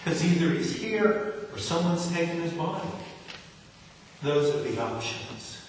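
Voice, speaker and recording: A man's voice: on the high side, lively intonation, measured pace, a little hiss or hum. A man from New Jersey preaching a sermon as pastor, talking conversationally and acting out quotes. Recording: echoey hall, distant mic.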